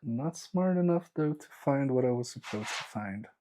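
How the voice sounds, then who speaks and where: A man's voice: medium pitch, lively intonation, moderate pace, mellow. A man chatting casually on a live stream while repairing electronics, joking and teasing his viewers in a self-mocking way.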